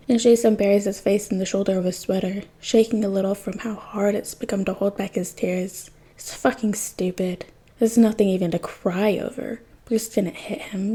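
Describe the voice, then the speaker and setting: A woman reading fan fiction aloud in a soft, intimate narration that sometimes drops close to a whisper. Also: medium pitch, breathy edge. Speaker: podfic reader.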